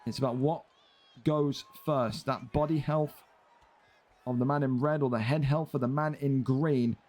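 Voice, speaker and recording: A man with a blocked, stuffy nose doing energetic play-by-play commentary on video game fights. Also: mid-range voice, measured pace. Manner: energetic play-by-play, rising to shouts on big hits.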